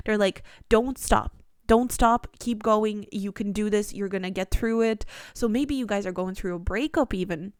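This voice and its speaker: An earnest young woman gives a pick-a-card tarot reading, gushing and rambling from one thought to the next. Her voice sits at an ordinary middle pitch. The sound is dry and close, with no room echo. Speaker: tarot reader.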